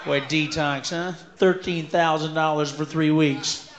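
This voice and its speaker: A man doing a loud, profane stand-up comedy set, ranting and breaking into screaming shouts as he mocks the voices of others. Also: a little high, steady tone, unhurried. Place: large live venue with audience. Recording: roomy live concert recording with crowd noise.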